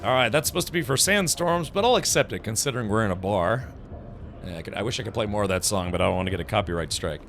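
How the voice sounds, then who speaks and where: A man's voice: lowish voice, expressive, fast talker, creaky, a bit bright, soft background music. A young man streaming a video game, chatting casually, reacting to the game and reading chat aloud. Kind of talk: casual let's play commentary.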